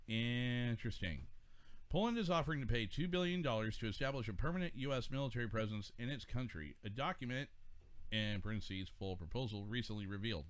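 A man's voice: mid-range voice, brisk. Man reading news on talk radio. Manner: reads news items aloud then jokes. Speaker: radio show host. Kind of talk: casual talk radio banter.

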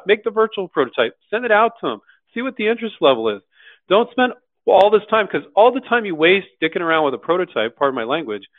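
A man hosting a live question-and-answer session, speaking bluntly and casually and acting out quoted voices with lively jumps in pitch. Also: no echo. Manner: animated, acts out quoted voices, blunt and slangy. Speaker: host answering viewer questions. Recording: dry tinny phone-like sound.

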